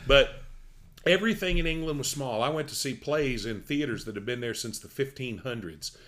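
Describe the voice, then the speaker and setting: A man's voice: medium pitch, moderate pace. A middle-aged man from Tennessee with a Southern accent, telling stories in casual chat. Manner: folksy, animated storyteller.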